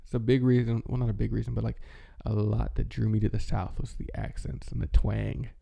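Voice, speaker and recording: Male vlogger, casual rambling chat, very gravelly, dark and mellow. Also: lowish voice, level tone. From American Midwest. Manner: rambling, halting, with many fillers and restarts. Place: home, with his dog nearby.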